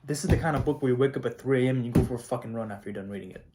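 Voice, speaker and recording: A teenage high school student talking casually to camera, swearing often and getting fired up, with lots of filler words. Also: male voice, very fast, background noise. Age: teens. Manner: profane, hyped, heavy "like" and "not gonna lie". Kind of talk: casual vlog monologue.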